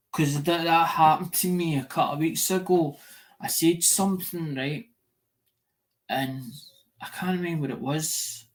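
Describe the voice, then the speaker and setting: Rambling, swearing man. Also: fairly high pitch. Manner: repetitive, swears a lot, loses track of words. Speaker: livestream host. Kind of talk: rambling casual livestream chat.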